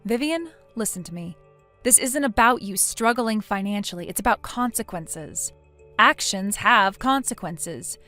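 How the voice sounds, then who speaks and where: A woman's voice: medium pitch, animated, a little slow, sharp tone, soft background music. A synthetic woman's voice playing a blunt young woman who lectures her friend sternly in a text-message story. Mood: scolding. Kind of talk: text-to-speech text story narration.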